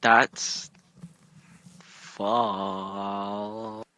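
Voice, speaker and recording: A man's voice: fairly low pitch, little pitch movement, drawn-out words, sharp tone. A man reacting bluntly and profanely in a casual chat with friends.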